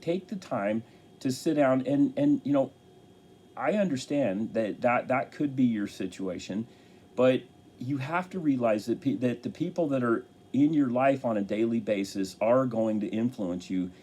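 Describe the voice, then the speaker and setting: An earnest man talks to camera, offering life encouragement in a halting way and restarting his sentences often. His voice is mellow and sits at a middle pitch. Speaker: motivational speaker. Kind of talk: motivational talk to camera.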